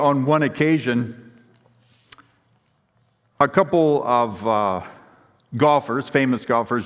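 In a church sanctuary where his words echo with long reverb, a pastor preaches a sermon. His medium-pitched voice is emphatic as he tells stories and poses rhetorical questions to the congregation.

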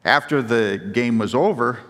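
A pastor delivers an emphatic sermon full of stories and rhetorical questions aimed at the congregation. He has a mid-range, slightly bright voice and speaks a little slowly, and the church sanctuary gives it a long, carrying reverb.

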